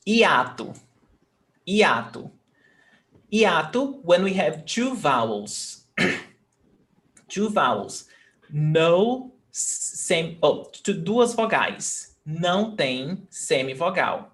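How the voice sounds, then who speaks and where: Slow patient language teacher, says words over and over, mixes english and portuguese. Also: mid-range voice, a bit bright. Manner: patient, repeats and sounds out words, switches between English and Portuguese. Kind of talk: live online language class.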